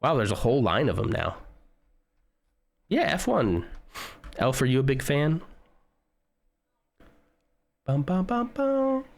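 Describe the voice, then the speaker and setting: A man's voice: medium pitch, very animated, normal speed, creaky, pauses often. A man streaming live, chatting casually and joking with his viewers as he browses. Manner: chatty, joking, talks to chat while browsing.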